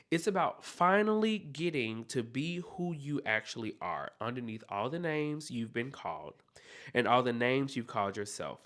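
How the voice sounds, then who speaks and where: Guy doing a solo self-help podcast, super expressive pitch, encouraging and heartfelt, keeps saying okay. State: near tears at times. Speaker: podcast host.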